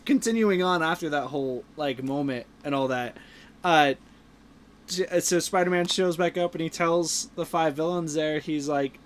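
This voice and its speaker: In a laid-back movie review podcast, the male host recounts a film's story, frequently restarting and filling gaps with filler words. He talks at a moderate pace in a slightly high voice.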